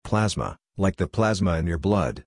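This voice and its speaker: A man reading the lines of a calm, odd-talking male scientist in a story, in a measured, matter-of-fact way. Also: sits low, husky, no echo, clean studio sound, heavily acted.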